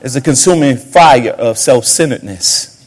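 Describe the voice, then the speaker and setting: A man preaching a sermon as a pastor, swinging between sudden shouts and hushed asides. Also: medium pitch, lively intonation, normal speed.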